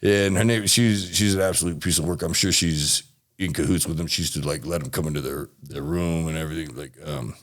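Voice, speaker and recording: Very deep-voiced man telling a rambling story. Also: a little fast, fairly bright tone. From Texas. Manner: rambling, restarts and swears. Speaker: interview guest. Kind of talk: casual storytelling interview.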